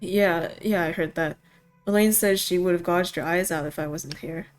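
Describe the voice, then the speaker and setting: A woman's voice: fairly low pitch, moderate pace, soft background music, close to an everyday voice. A woman reading as a blunt prickly girl. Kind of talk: reading game dialogue aloud.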